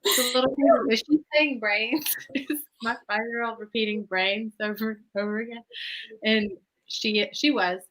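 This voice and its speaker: A woman's voice: a little high, normal speed, slight background noise. A woman, hosting a casual chat and telling stories with lots of laughter. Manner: animated storyteller who laughs often. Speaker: host.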